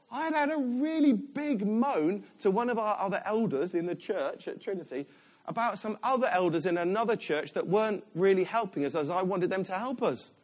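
A man, a church elder, giving a chatty, self-deprecating sermon in a church. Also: high voice.

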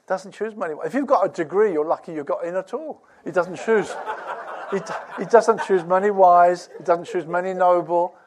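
A man preaching a sermon, lively, laughing at his own stories, swinging from soft asides to loud emphasis. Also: high-pitched, normal speed, background noise. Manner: animated, dropping to near-whispers and rising to loud emphasis, laughs while preaching.

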